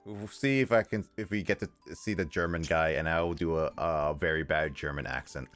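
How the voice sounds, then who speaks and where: A man's voice: rumbling low, a little fast, fairly bright tone, soft background music. A man streaming a game, joking and laughing with friends in casual chat. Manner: joking, giggly, reads game text aloud. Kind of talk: casual livestream chat while playing.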